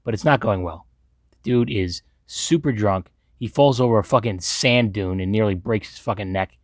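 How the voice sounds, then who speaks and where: Recapping a film with blunt sarcasm and free-flowing profanity, a Long Island, New York man works as a movie commentator. He speaks at a moderate pace in a fairly low pitch, captured in clean studio sound without echo.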